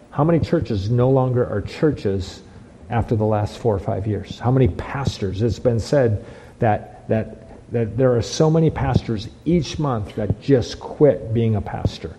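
A man's voice: medium pitch, mellow, slight background noise, poor audio. A man preaching a sermon as pastor, emphatic, repeating phrases and restarting lines.

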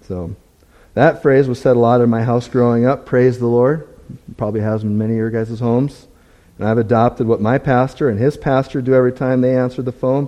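Man, church testimony; warm, mellow voice, candid and self-deprecating, halting and conversational. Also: mid-range voice, dull audio. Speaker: church member giving a testimony. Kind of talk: conversational sermon talk.

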